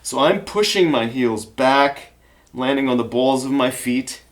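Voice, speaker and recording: A man's voice: mid-range voice, a little slow. A male fitness trainer demonstrating exercises, encouraging beginners and counting reps aloud while getting out of breath.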